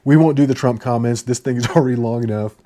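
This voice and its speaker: A man's voice: medium pitch, fast, warm tone, slight background noise. A man giving casual reaction commentary on viewer comments in an exasperated, sarcastic, ranting way.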